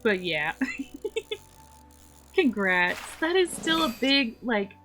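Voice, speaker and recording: A woman's voice: on the high side, big pitch swings, drawn-out words, a bit bright, faint music behind. A woman streaming a game, chatting casually in a playful, rambling way. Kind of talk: casual gameplay chat.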